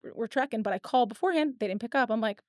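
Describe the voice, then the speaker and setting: A woman in her thirties hosts a podcast, telling a story in casual chat and acting out the people in it and their quotes. Her voice is on the high side and rapid-fire, with no room sound.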